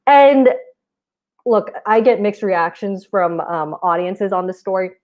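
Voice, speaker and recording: Twenties woman doing standup over a muffled video call, deadpan, mocks herself. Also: mid-range voice. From United States. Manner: deadpan, self-mocking delivery with quick asides. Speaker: stand-up comic. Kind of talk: virtual stand-up set. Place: home, virtual show.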